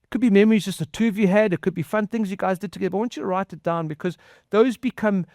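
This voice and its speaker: A man preaches a conversational sermon, his voice sitting high for a man. He talks in an earnest, halting way, stumbling over and repeating words as he goes. The sound is dry, with no room echo. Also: darkish tone. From outside the US. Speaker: pastor.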